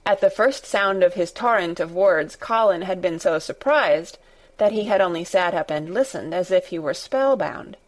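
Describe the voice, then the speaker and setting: A woman narrating a storybook in a deliberate, expressive reading. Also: lowish voice, poor audio. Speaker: audiobook narrator.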